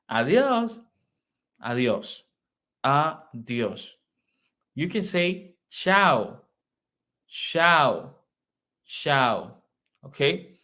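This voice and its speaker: Slow-talking Colombian man teaching Spanish. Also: fairly high pitch, bright, forceful tone. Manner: patient, repeats phrases slowly, asks "okay?" often. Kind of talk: online language lesson.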